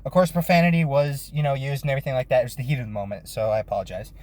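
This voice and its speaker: A man telling a lively, profane story about his work as a bounty hunter, with frequent restarts. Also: medium pitch, very fast. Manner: lively retelling with swearing and restarts. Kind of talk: casual storytelling vlog.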